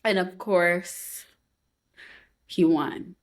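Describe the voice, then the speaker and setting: A woman co-hosting a podcast, telling a story in a heated, profane, animated way. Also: lowish voice, extremely slow. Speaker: podcast co-host. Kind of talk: casual chat.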